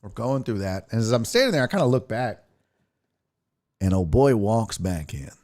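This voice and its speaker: A man's voice: lowish voice, big pitch swings, normal speed, darkish tone, dry recording, clean studio sound. A man hosting a sports podcast, telling a story in a casual, profane, mock-outraged way. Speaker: comedian and sports podcast host.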